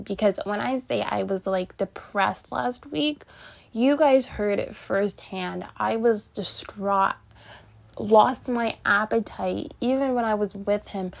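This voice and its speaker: A woman's voice: mid-range voice, a little slow, gravelly. A young woman hosting a podcast, chatting in a casual, rambling way with lots of fillers and restarts as she tells a personal story. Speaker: podcast host.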